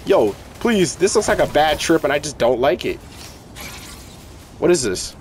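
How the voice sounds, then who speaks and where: A young man giving casual, excitable, slangy commentary while playing a video game. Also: fairly high pitch, normal speed, slight background noise. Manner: excitable, yelling, slangy, hype. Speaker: gaming streamer.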